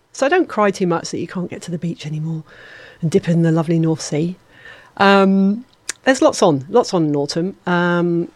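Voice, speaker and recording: A woman's voice: lowish voice, a little mellow, no room sound. A woman presenting a lunchtime radio show in a studio, chatty and playful, joking at herself. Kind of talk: casual radio chat.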